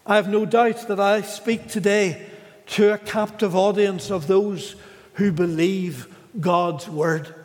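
A man preaching a sermon in a slow, measured way, with dramatic pauses. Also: sits high, steady tone, big-room sound.

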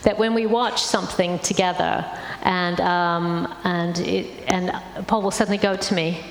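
A woman's voice: on the low side, steady tone, unhurried, a little hiss or hum. Woman preaching in an echoey hall. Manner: warm conversational preaching with many fillers. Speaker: guest speaker. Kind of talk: sermon talk. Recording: echoey hall, faint ambience.

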